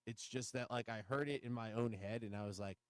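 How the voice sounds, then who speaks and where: A man's voice: medium pitch, fairly quick, no room sound, clean studio sound. A man hosting a sports radio show for the day, chatting in casual banter and laughing, self-conscious and rambling about himself.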